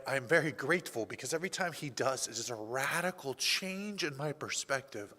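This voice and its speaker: A male pastor giving a personal testimony in a church, telling his story in an animated way and acting out the dialogue. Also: on the high side. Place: church sanctuary. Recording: reverberant church hall.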